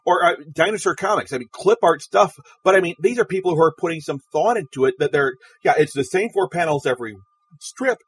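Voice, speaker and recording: A man's voice: a little high, fast, hardly any pauses, husky. Dry, sarcastic podcast host man. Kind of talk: webcomics news podcast discussion.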